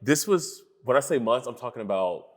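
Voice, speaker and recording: A man's voice: mid-range voice, animated, brisk. A man guesting on a podcast, chatting casually and easygoing, with lots of "like" and "you know.". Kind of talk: casual chat.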